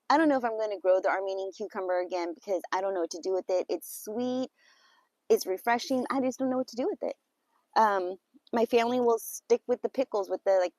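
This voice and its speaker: A woman chatting casually with viewers while walking through her garden on a farm for a live vlog, with quick exclamations and nervous laughter. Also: medium pitch, a little mellow, no echo.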